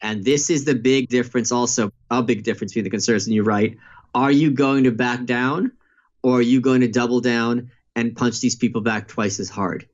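A man who has written a book talks politics in conversation, telling anecdotes in an animated way. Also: mid-range voice, a little fast. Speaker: author and podcast guest. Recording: dull lo-fi sound.

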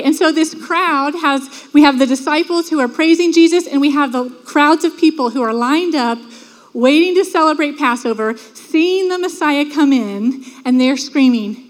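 High-voiced woman preaching in a reverberant hall. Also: moderate pace. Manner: earnest, conversational preaching with acted-out crowd quotes. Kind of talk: sermon. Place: church sanctuary.

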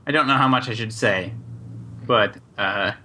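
A man's voice: lowish voice, normal speed, sharp tone, slight background noise. A game master voicing a nervous, easily startled male bank wizard in a tabletop game. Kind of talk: tabletop role-play voice.

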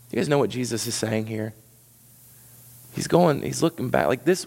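A man preaching a sermon as pastor, animated, swinging from loud high peaks to quiet low asides. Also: in a large hall.

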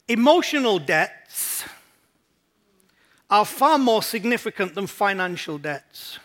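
A man's voice: very high-pitched, bright, forceful tone. A male pastor preaching a sermon in a church, emphatic and repetitive as he drives his points home.

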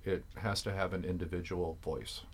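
A man musician speaks as a guest in a fairly low voice. He talks calmly and in a measured way, in casual conversation. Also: breathy edge. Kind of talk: casual chat.

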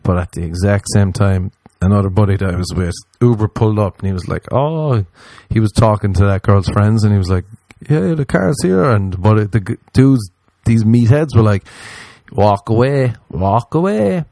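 A man's voice: lowish voice, normal speed, no room sound. A man casually telling a rambling, profane story, acting out what he and others said. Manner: rambling, profane, animated quoting of himself.

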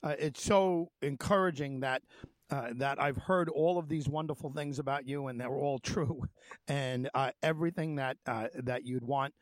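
A middle-aged man hosting an interview, talking haltingly with many fillers and restarts. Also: medium pitch, dry recording. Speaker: interview host. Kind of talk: radio-style interview.

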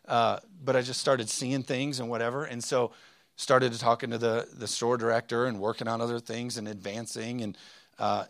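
A man's voice: mid-range voice, flat delivery, normal speed, fairly bright tone, dry recording, clean studio sound. A man in his thirties preaching a sermon, telling a personal story with plenty of fillers and self-deprecating asides. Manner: rambling, self-deprecating, frequent fillers and restarts. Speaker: pastor.

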